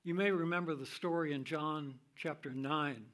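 An older man teaching from the Bible in a sermon style, reading scripture in a measured, deliberate way. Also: a little high, steady tone, a bit bright.

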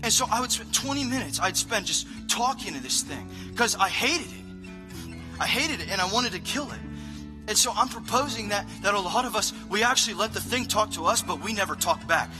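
A man's voice: high-pitched, expressive, normal speed, music in the background, low-quality recording. A man pastor preaching a conversational sermon in a church, rambling and self-deprecating with lots of filler words. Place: church stage. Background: live worship band playing softly.

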